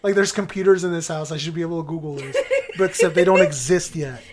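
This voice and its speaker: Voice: mid-range voice, fast, darkish tone, a little hiss or hum. Podcast host, rambling comic retelling, frequent swearing and laughter.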